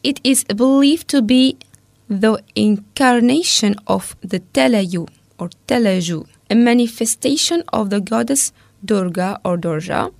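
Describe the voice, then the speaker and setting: A woman co-hosting a casual talk, reading researched notes aloud steadily and pausing over hard names. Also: a little high, creaky, no room sound.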